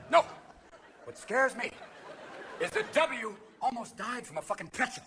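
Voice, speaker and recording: A man performing manic, rapid-fire stand-up comedy, constantly leaping into voices and impressions on a theater stage. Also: very high voice, sing-song. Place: theater stage before a live audience. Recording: live show recording with crowd laughter and noise.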